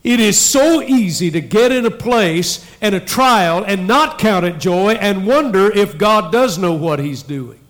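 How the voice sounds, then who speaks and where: A male pastor preaching a sermon in a church, emphatic with dramatic pauses. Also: high-pitched, animated, a bit bright. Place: church sanctuary.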